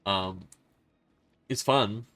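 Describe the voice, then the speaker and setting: A man's voice: lowish voice, extremely slow, fairly bright tone, no echo. Puzzled, swearing male game streamer. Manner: frank, swearing, puzzled and self-critical. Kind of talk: casual gameplay commentary.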